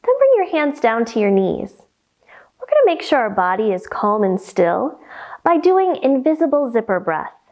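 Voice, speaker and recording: A woman's voice: a little high, big pitch swings, moderate pace, a little mellow. A woman teaching yoga to children, giving playful sing-song instructions during a storytime. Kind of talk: guiding a kids' yoga storytime.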